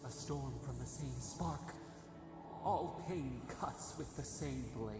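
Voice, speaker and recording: A woman's voice: a bass voice, slow pace, gravelly, exaggerated voice. A woman voicing a haunting collective spirit that speaks as "we", in game dialogue with music behind. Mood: ominous. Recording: roomy game audio with music.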